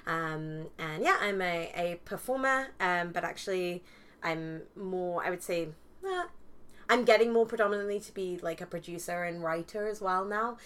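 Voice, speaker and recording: A woman's voice: fairly low pitch, moderate pace, fairly bright tone. A young woman from northeast England, chatting casually as a podcast guest, with lots of fillers and restarts. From Newcastle upon Tyne, England. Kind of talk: casual chat.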